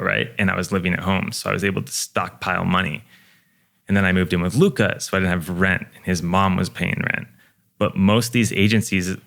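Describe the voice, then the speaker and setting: Deep gravelly laid-back young man. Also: a bit bright. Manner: laid-back, profane, lots of "like" fillers. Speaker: podcast guest, model. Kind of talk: casual podcast chat.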